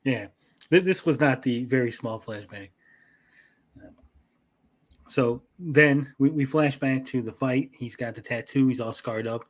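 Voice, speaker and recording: A man hosting a casual podcast chat, swearing freely and retelling scenes with quick quoted voices. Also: mid-range voice. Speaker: podcast host.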